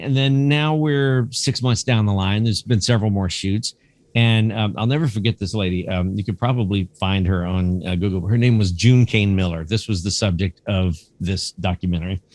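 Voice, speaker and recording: A man in his fifties, a cinematographer and museum curator, chatting as a podcast guest and telling animated stories. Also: fairly low pitch, normal speed, no echo. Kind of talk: casual anecdotal storytelling.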